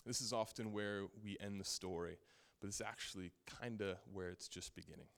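A man preaching a sermon, telling a Bible story in a casual, animated way and often saying "like". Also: on the low side, normal speed, vocal fry.

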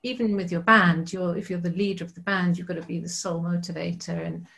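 A woman's voice: fairly low pitch, steady tone, quick pace, vocal fry, fairly bright tone. A woman, a musician and actor, chatting as a podcast guest in a rambling, self-deprecating way. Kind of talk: casual interview chat.

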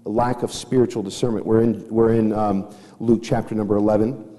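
A man's voice: fairly low pitch, fairly even intonation, a little fast, dark tone. Emphatic preaching man in an echoey hall. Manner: emphatic, repeats key phrases, tells family stories. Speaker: pastor. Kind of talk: sermon.

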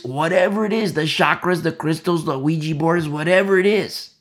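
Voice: mid-range voice, moderate pace. A Bible teacher giving an informal, conversational talk to a home fellowship, rambling with many asides and restarts.

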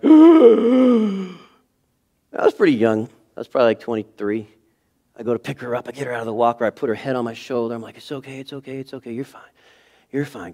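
Man preaching an animated sermon. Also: fairly low pitch. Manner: animated storytelling, acting out scenes with sudden shifts in loudness. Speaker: pastor. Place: church sanctuary.

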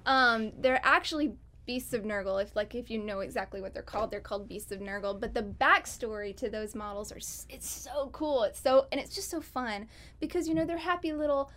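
A woman's voice: fairly high pitch, fairly quick, a bit bright. A woman talking as a guest in a casual interview, chatty and rambling, often laughing. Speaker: guest on a gaming podcast.

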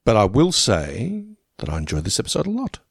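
A man's voice: lowish voice, huge pitch swings, a little fast, creaky, slightly rough, no echo, clean studio sound. A man co-hosting a podcast in casual chat, joking dryly and stumbling into restarts as he talks. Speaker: podcast co-host.

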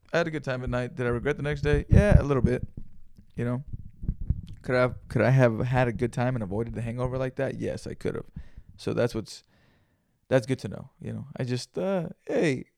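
A young man talks on his own podcast in a relaxed, rambling way, heavy on slang and swearing. His voice has a gravelly edge, and it sits close and dry on the mic. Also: mid-range voice, dry recording. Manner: loose and profane, laid-back slang. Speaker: podcast host. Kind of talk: solo casual storytelling.

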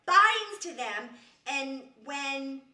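A woman's voice: high-pitched, very animated, slow, bright, forceful tone, distant mic, heavily acted. An actress playing a nervous young apprentice who stumbles and hesitates over her words. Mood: flustered. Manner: hesitant, stumbling, many fillers. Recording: roomy stage heard from afar.

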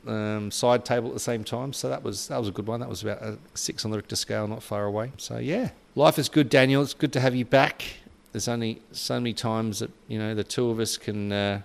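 A man's voice: lowish voice, gravelly. A man co-hosting a podcast, chatting casually in a rambling way with lots of fillers. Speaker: podcast co-host.

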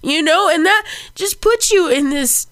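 A woman's voice: very high voice, lively intonation, unhurried, a bit bright, no room sound. A woman co-hosting a podcast, venting in casual chat, upset and swearing freely. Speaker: podcast co-host.

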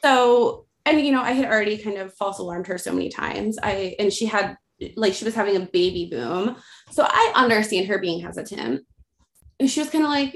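A woman in her thirties casually telling her birth story as a podcast guest, animated and acting out the voices of others. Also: mid-range voice, fairly quick, vocal fry. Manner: animated, acts out quoted voices, frequent likes. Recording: roomy echo.

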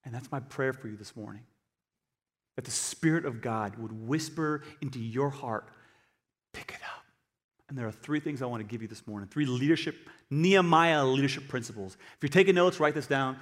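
A male pastor giving an animated sermon, swinging between quiet asides and loud emphatic bursts. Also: medium pitch, fairly quick. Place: church hall. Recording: long hall reverb.

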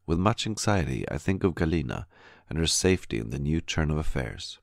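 A man reading a diary audiobook aloud in a measured, steady scripted narration. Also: rumbling low, vocal fry, no echo, clean studio sound.

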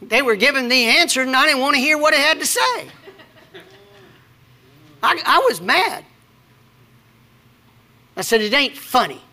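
A man's voice: very high voice, very animated, measured pace, pauses often, bright, forceful tone. A middle-aged man, preaching a sermon with scripture readings and personal stories. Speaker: pastor.

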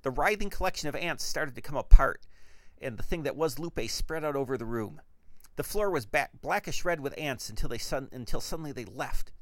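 A man telling an absurd comic story in the first person, with a wry, animated narration. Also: medium pitch, brisk, no echo.

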